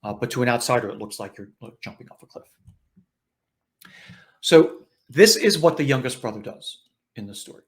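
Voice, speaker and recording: A man's voice: mid-range voice, animated, moderate pace, pauses often. A man hosting an online spiritual session, talking in a conversational, reflective way with many filler uhs and restarts.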